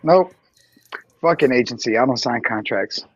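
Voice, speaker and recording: A man on a livestream panel, talking in loud, profane, laughing banter. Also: medium pitch, expressive, moderate pace, breathy edge, no room sound, muffled recording. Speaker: panel guest. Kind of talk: casual profane chat. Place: livestream call.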